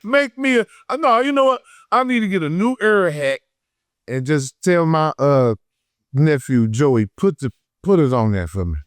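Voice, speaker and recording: A man from Detroit with a Detroit accent, telling a story in an unfiltered, profane, heated way, swinging between loud and low. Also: very animated, moderate pace, clear, resonant tone, dry recording, studio quality. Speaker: guest. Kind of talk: unfiltered casual interview. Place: podcast studio.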